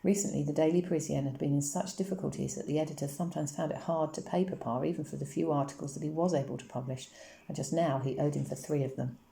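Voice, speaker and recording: An audiobook reader, a woman with a low, dark, gravelly voice, reads a novel quickly in a steady, even storytelling style. The recording has a roomy echo.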